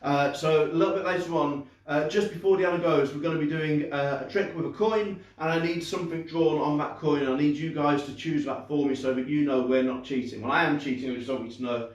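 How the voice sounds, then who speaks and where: A man's voice: a little high, fairly even intonation, brisk, hardly any pauses, highs cut off. A young man doing a live magic show for kids, chatty and upbeat, joking at his own expense with plenty of fillers and restarts. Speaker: children's entertainer and magician. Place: indoor room, live stream. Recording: very echoey room, far from the mic.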